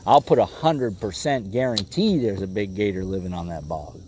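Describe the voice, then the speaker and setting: A man's voice: on the low side, normal speed, darkish tone, a little hiss or hum. A man hosting a casual fishing livestream from a boat, laid-back and calling viewers "bro" and "bud.". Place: outdoors on a boat on a lake.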